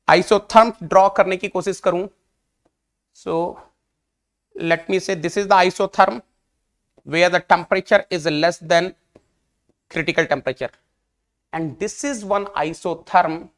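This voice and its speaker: This male engineering teacher has a high, slightly bright voice and an Indian English accent, talking at normal speed with long pauses. In his online exam-prep lecture he repeats questions and urges the class along, mixing English and Hindi.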